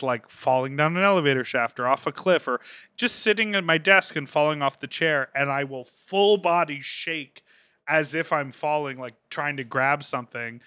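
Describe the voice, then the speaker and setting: A man co-hosting a casual podcast with a very bright, sharp tone, pitched a bit high. He is chatty and giggly, rambling through his thoughts, recorded close and dry. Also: clean tone, dry recording. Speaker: podcast co-host. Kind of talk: casual chat.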